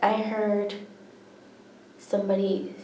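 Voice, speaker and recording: A young adult woman vlogger sits on the floor indoors, telling her own story to camera candidly and earnestly, often tearful and laughing. Her mid-range, dark-toned voice is slow with little pitch movement. The room is echoey, with a little hiss or hum.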